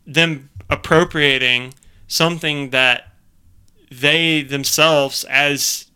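A man co-hosting a podcast, talking in a casual, animated way with many fillers and restarts. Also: a little high, slow, smooth. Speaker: podcast co-host. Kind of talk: casual political chat.

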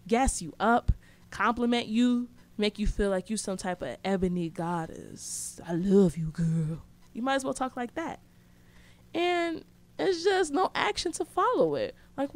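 A young woman telling a story in casual, slangy speech, blunt and sarcastic. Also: mid-range voice.

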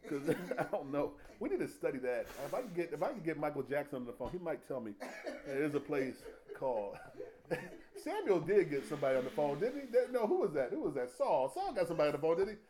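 A man's voice: on the high side, quick pace, a crowd in the background. A man preaching a humorous, conversational sermon full of folksy slang and laughter. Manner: animated, jokey, laughs often, folksy slang.

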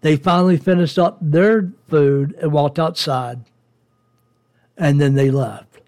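A man's voice: fairly high pitch, slow, a little mellow. A man in his forties hosting a podcast, telling a personal story as a profane, heated rant. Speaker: podcast host.

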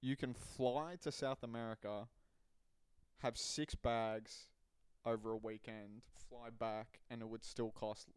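Young Australian male co-host, relaxed sweary explainer, even middle voice, dry recording. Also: mid-range voice, slow, smooth, dry recording. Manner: swears casually, explains with trailing asides. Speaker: podcast co-host. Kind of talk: casual chat.

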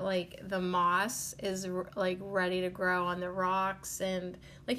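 Over slight background noise, a woman with a medium-pitched, slightly bright voice hosts her own podcast. Her casual talk rambles, dotted with "like," and she is emotional and tearful, holding back crying.

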